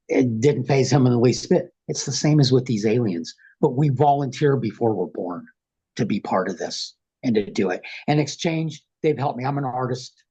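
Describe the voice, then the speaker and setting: A man guesting on a video call, telling his experiences frankly and at length, with rough, profane, animated storytelling. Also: mid-range voice, normal speed, muffled recording. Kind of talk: casual storytelling interview.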